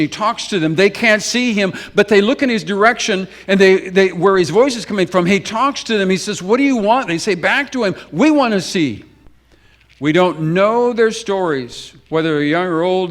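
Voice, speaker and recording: A man preaching a sermon to his congregation, telling gospel stories with quick emphatic runs and sudden slow, hushed lines. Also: on the high side. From United States. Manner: storytelling preacher, swings between brisk emphatic runs and slow hushed phrases; repeats words for emphasis, addresses the congregation directly. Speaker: pastor. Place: church sanctuary.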